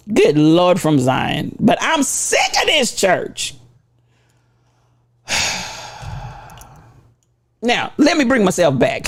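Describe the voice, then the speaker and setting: A woman hosting a livestream, giving an impassioned, preachy rant to her viewers. She swings between shouts and low asides. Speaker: livestream host.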